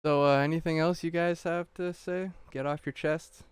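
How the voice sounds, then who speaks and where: A man's voice: a little high, fairly even intonation, normal speed, clear, resonant tone. A man from Canada in a casual podcast chat, laid-back and joking. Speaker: podcast co-host.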